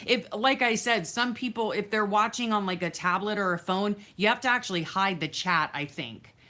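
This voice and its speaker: A woman's voice: medium pitch, moderate pace, pushed and bright. A woman hosting a casual craft live stream, chatting loosely with lots of fillers while she thanks viewers by name and answers their comments, sometimes drifting away from the mic. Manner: many fillers and restarts, easily distracted. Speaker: crafting livestream host.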